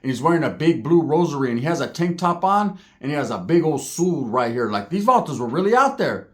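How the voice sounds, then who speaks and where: A man's voice: fairly high pitch, very animated, brisk, fairly bright tone. A man telling a street fight story in a casual, profane way, full of street slang.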